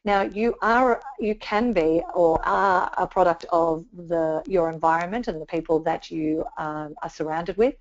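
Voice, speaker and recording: Trainer woman with a lowish voice. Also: a little slow, hardly any pauses. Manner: conversational with frequent fillers and restarts. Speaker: communication trainer. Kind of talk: webinar presentation. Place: home or office, remote webinar. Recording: dull lo-fi webinar audio.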